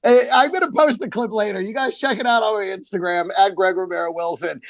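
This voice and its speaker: A man, a comedian co-hosting a podcast, telling loud, animated stories full of swearing. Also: high voice, fast talker, no echo. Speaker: comedian co-host. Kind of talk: casual chat.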